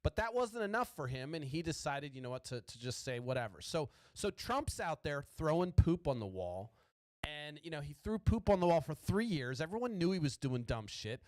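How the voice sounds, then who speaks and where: A man's voice: a little high, very animated, normal speed, darkish tone, no room sound. A man hosting a podcast, ranting about politics in a profane, rambling way and stuttering often. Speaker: podcast host.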